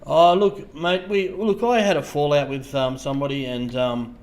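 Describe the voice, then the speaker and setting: An Australian man hosting a casual livestream, talking to viewers in a halting way, repeating words and trailing off softly. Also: medium pitch, expressive. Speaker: livestream host.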